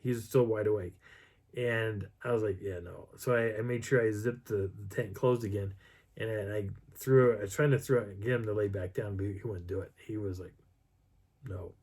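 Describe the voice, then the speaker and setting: A man's voice: lowish voice, a little fast, slightly rough. A man casually telling a personal story and acting out the sounds and voices as he goes. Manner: animated, acts out sounds and voices. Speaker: channel host.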